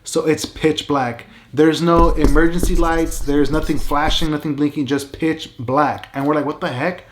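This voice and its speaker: A man telling a true story to camera in a casual, animated way, full of "like" and "right?". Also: a little high, moderate pace, background noise. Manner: animated, emphatic, many "like" and "right?" fillers. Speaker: vlogger.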